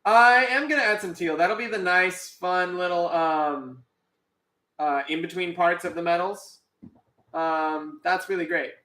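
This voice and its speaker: A man's voice: high voice, a little slow, bright, forceful tone, reverberant. A man streaming while drawing, chatting casually and playfully with his viewers and co-host. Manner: chatty, playful, talks to chat. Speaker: streamer and artist.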